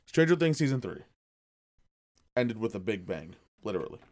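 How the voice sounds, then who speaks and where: Male podcast co-host, lower register, very lively delivery, casual jokey banter. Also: normal speed, dry recording. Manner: joking, animated, swears casually.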